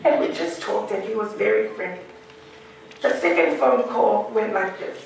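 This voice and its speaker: A woman's voice: mid-range voice, expressive, moderate pace, gravelly, slight background noise. A woman gives a heartfelt funeral eulogy, laughing through memories. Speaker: widow giving a eulogy. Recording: echoey hall, distant mic.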